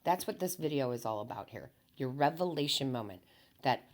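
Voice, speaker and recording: With an extremely low pitch and a moderate pace, this woman reads tarot and offers her audience a calm, sincere motivational talk on spiritual matters. She circles back to her main phrases and avoids any hype.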